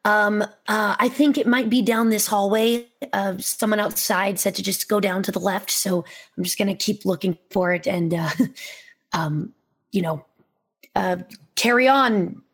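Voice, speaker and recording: A woman's voice: medium pitch, fairly even intonation, a little slow, husky. A woman voicing her flustered adventurer in a tabletop game, rambling nervously with many fillers. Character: flustered sneaking adventurer, babbling excuses.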